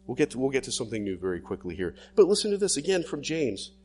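A pastor preaching a sermon, animated, acting out inner thoughts dramatically. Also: male voice, medium pitch, quick pace, slight background noise.

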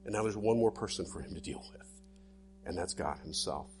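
A pastor preaching a sermon, animated, acting out inner thoughts dramatically. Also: male voice, low voice, brisk, soft background music.

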